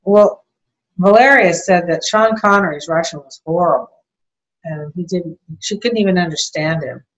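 An older woman talks in a loose, rambling way, retelling stories with small laughs between thoughts. Her voice sits a little low for a woman. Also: normal speed, low-quality recording. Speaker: interview guest. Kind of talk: casual conversation.

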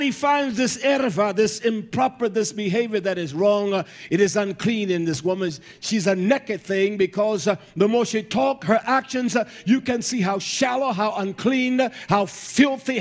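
A man preaching a fiery sermon, emphatic and blunt, often shouting and filling pauses with "uh". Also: high-pitched. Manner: fills pauses with "uh" and repeated words.

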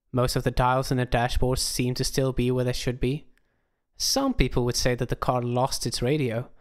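A man narrating an audiobook in a dry, wry tone. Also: mid-range voice. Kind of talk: audiobook reading.

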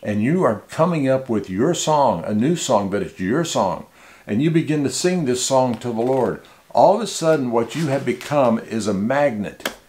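An expressive male pastor with a medium-pitched, darkish voice speaks at normal speed during an informal sermon for a small church. His conversational teaching features frequent restarts and repeated words.

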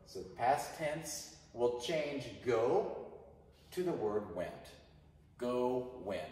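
A male English teacher giving a grammar lesson to a class, speaking slowly and repeating phrases for students to say after him. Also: medium pitch, animated. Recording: echoey hall, mic far off.

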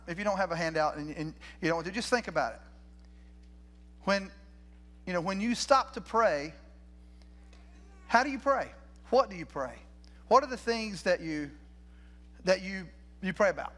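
Older man, pastor's sermon, high voice, folksy talk with restarts. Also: expressive, normal speed, long pauses, a bit bright. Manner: folksy, conversational preaching with many restarts and questions to the congregation. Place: church sanctuary.

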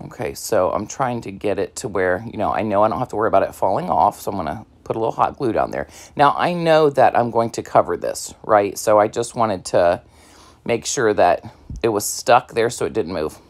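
A woman talks her viewers through a craft project at her home table in easygoing, rambling fashion, full of ums and you-knows. Her pitch swings up and down in a lively way. She sounds slightly out of breath. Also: a little fast. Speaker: craft vlogger. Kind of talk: casual crafting tutorial talk.

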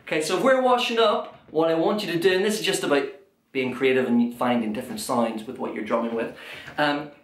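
A young man leading an energetic children's drum class, counting out loud and cheering the kids on. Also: on the high side, brisk, a little hiss or hum. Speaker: drum workshop leader. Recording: echoey room with drum music.

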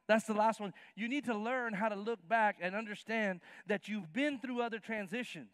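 A man in his fifties delivers a sermon from a church stage, his voice sitting high. He acts out Bible scenes in casual, slangy voices with plenty of energy. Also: fairly bright tone, dry recording, studio quality. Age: 50s. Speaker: pastor. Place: church sanctuary.

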